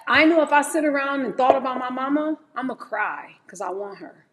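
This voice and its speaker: Preparing fruit on her livestream, a chatty woman in her forties talks openly with her audience and keeps addressing them as "y'all." Her voice is high and her pace a little fast, with a noisy background.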